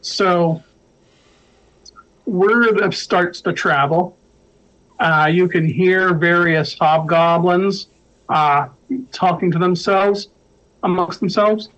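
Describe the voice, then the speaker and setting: A man narrating as storyteller of a tabletop horror game, in an unhurried way with fillers. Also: sits high, steady tone, a bit bright. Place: home, online game session. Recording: dull lo-fi online audio.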